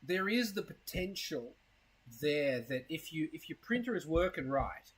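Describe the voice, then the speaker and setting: A man's voice: on the high side, sing-song, measured pace, slightly rough, low-quality recording. A man chatting casually on a live stream, rambling and crude, with a self-mocking tone and a case of hiccups. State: has hiccups.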